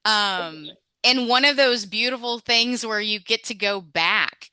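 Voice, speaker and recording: A woman's voice: fairly high pitch, measured pace, pushed and bright, clean tone, no echo. A woman leading a storytelling workshop on a video call, chatty and encouraging, with many restarts.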